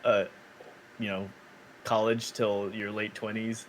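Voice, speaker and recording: A man's voice: on the low side, level tone, slow, a little hiss or hum. Giggly young man riffing on absurd bits. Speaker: podcast co-host. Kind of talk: casual comedic banter.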